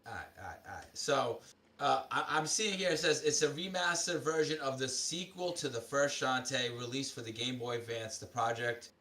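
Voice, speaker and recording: A man co-hosting a casual gaming podcast reads game news and listings aloud, adding offhand asides. His voice is mid-range with a sharp tone at a normal speed.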